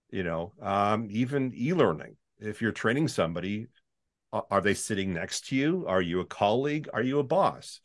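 A Canadian man with a baritone voice, a voice-over artist chatting in an interview and slipping into demo voices. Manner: chatty, animated, demonstrates reads in put-on voices. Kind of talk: casual interview chat.

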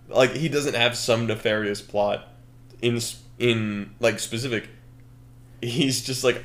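A man co-hosting a podcast, brainstorming a story in casual chat, animated and laughing often as he acts out scenes. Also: mid-range voice, slow. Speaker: podcast co-host.

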